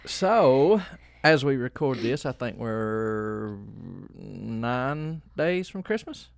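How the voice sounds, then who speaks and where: A preacher co-hosting a casual chat, rambling with restarts and frequent laughter. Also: male voice, medium pitch, expressive, very slow, vocal fry, dry recording, studio quality. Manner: rambling, laughs often, self-correcting restarts. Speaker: preacher and podcast co-host.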